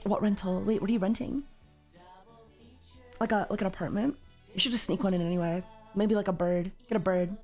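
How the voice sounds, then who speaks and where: A woman hosting a casual livestream chat, loud and sweary, with a slightly tired voice. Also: mid-range voice, steady tone, brisk, pauses often, soft background music. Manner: loud, swears freely, jumps into yelling. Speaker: livestream host.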